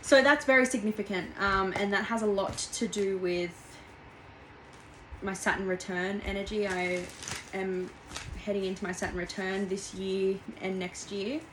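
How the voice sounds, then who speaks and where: A young woman talks through a tarot reading at home in a loose, meandering way. She circles back and restarts often, and her voice sits at a medium pitch. A faint hiss runs underneath. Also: level tone, a little slow, fairly bright tone, low-quality recording. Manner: rambling and heartfelt, with frequent fillers and restarts. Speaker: tarot reader. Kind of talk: casual tarot reading monologue.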